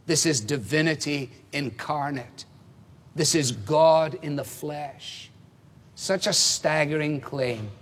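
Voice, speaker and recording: A man preaching an expository sermon, measured and emphatic, posing rhetorical questions. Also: a little high, a bit bright. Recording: reverberant hall.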